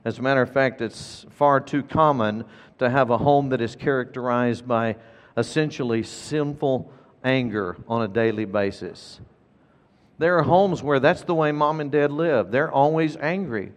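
A man's voice: mid-range voice, moderate pace. A middle-aged man, a pastor preaching a sermon in an earnest, emphatic way, repeating his key points. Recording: long reverb of a large hall.

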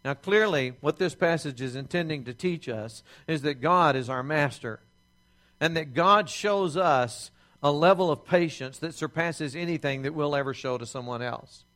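A man preaching a sermon as pastor, slowing down to stress key phrases and reading scripture aloud. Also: on the high side, a bit bright. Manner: reads scripture aloud with pleading quoted voices.

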